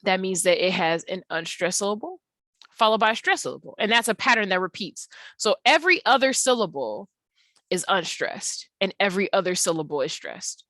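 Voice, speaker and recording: A woman English tutor giving an online lesson, explaining patiently and stretching words out slowly to show how they sound. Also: mid-range voice, expressive, a bit bright, no echo.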